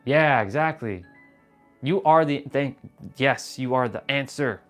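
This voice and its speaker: A man's voice: medium pitch, unhurried, faint music behind. Earnest swearing man on a live stream. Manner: earnest, swearing, repeats himself, addresses chat viewers as brother. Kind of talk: casual spiritual live stream talk.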